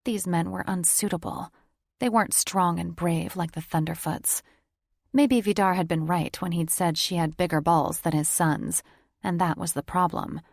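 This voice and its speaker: A woman reading a paranormal romance audiobook as narrator in steady storytelling. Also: fairly low pitch, normal speed, vocal fry, no echo, clean studio sound. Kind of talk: scripted narration.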